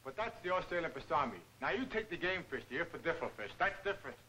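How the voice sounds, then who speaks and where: An actor playing a cheerful, dim-witted boxer who rambles earnest slangy nonsense, in 1940s film comedy acting. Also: male voice, fairly high pitch, sing-song, fast talker, bright, forceful tone, a little hiss or hum, low-quality recording.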